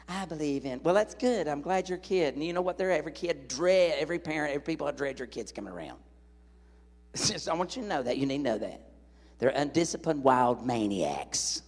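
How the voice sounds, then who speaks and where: A man preaching a sermon in a large church hall, an animated, joking storyteller speaking into a stage microphone. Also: on the high side, moderate pace.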